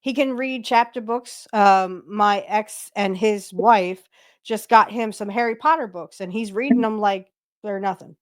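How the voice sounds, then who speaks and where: A woman's voice: mid-range voice, a little slow. A young adult woman from the northern United States hosting a casual chat, talking freely and laughing often. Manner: laughs often, chatty and animated. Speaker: podcast host.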